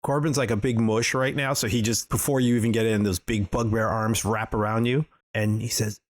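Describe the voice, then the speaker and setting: Lowish-voiced man player. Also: steady tone, a little fast, no echo, clean studio sound. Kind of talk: tabletop role-play.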